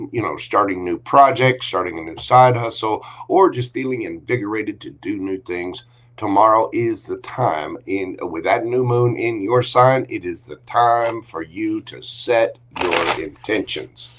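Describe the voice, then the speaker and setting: A man's voice: on the low side, a little slow, a bit bright. A man hosting a casual livestream tarot reading, chatty and affectionate, greeting viewers with pet names. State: briefly coughing and choked up.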